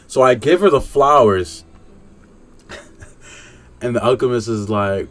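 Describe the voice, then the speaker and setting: A young man casually reviewing a video game in a laid-back, slangy way, chuckling and breaking into excited rants. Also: medium pitch, a little slow, pauses often, a little hiss or hum.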